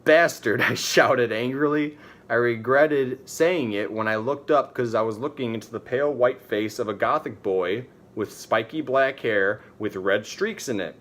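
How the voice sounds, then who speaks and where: A man reading a fan story aloud for comedy, mostly flat, sometimes cracking up in disbelief. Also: mid-range voice, normal speed. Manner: reads flatly, breaks into disbelief. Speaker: comedy reader.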